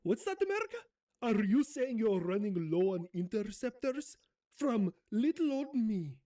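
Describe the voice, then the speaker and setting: A man doing a halting, accented statesman impression. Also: high voice, big pitch swings, mellow, voice pushed up. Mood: coy. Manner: hesitant, halting with many uh fillers. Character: impression of a male wartime head of state, pleading, heavily accented.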